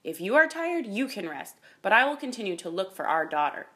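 A woman reading the part of an angry, bitter mother with a fierce, sharp manner. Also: medium pitch, big pitch swings, brisk. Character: angry, bitter mother searching for her daughter.

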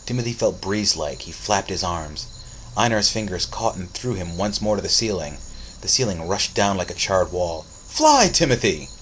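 Deep-voiced guy reading a spooky story aloud, steady and dramatic. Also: moderate pace, slight background noise, rough recording. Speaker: narrator. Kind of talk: audiobook reading.

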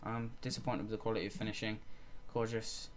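A man's voice: lowish voice, little pitch movement, quick pace, slight background noise. A man giving casual let's-play commentary on a football management game, calling the action play by play and muttering frustrated asides. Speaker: gaming channel host.

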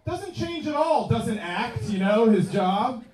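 A man's voice: very high-pitched, expressive, slow pace, a little mellow. A man around thirty from New York doing a rowdy, swearing, self-mocking stand-up set in a comedy club. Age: 30s. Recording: echoey club, distant mic, crowd.

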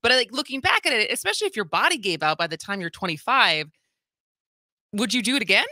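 Lively bright woman radio co-host. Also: mid-range voice, quick pace, no room sound, clean studio sound. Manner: teasing, probing questions. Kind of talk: talk radio hosting. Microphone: studio mic.

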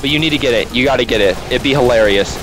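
A young man rambles happily through a co-op game session, tossing out jokes and half-finished thoughts. His voice sits in an ordinary middle pitch. Loud game music plays underneath the whole time. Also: rapid-fire, poor audio. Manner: chatty, joking, rambling with restarts. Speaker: gameplay commentator. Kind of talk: casual co-op gaming chat.

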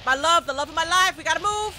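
A woman live-streaming a horror game, talking to her chat with loud, excitable, dramatic reactions. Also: very high voice, quick pace, background noise. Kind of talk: live gameplay commentary with chat.

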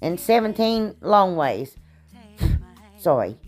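Animated and fairly bright, the woman's medium-pitched voice moves at a moderate pace over soft background music. She hosts a casual crafting tutorial for her channel, chatting in a folksy way full of "anyway"s and "y'all"s, slightly froggy from allergies.

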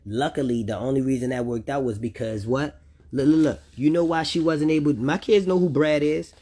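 A man's voice: medium pitch, brisk, mellow. A man speaking to viewers about his children, heated and repetitive, swearing often. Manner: talks directly to listeners. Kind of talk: unscripted personal vlog rant.

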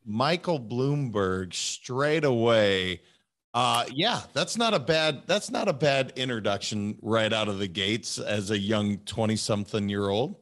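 A man's voice: fairly low pitch, lively intonation, a little slow, fairly bright tone. Laid-back male podcast host. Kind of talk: casual interview chat.

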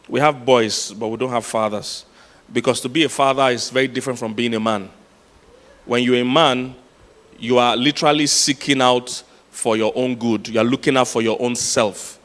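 Pastor preaching in a reverberant hall. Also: male voice, mid-range voice, steady tone, normal speed, a bit bright. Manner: storytelling with laughs, emphatic repetition. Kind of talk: sermon. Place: large church hall.

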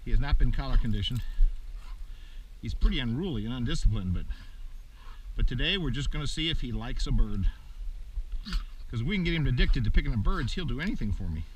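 A man's voice: expressive, a little fast, long pauses. A man commenting casually while he trains a young dog outdoors in a field. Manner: shouts high-pitched praise and calls to the dog. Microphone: camera mic, at times far off. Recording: distant outdoor camera audio, faint noise.

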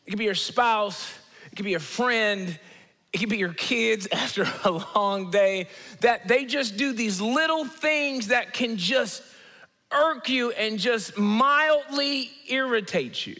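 A man preaching a comedic sermon as teaching pastor, animated storytelling that acts out quoted people with sudden jumps in pitch. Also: slow. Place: church auditorium. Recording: long reverb of a large church hall.

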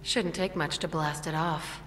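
An actress voicing a cool, mysterious female spy who speaks in a calm, dry, understated way, heard as game audio. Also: low voice, measured pace, a little hiss or hum. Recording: game audio over music and rain.

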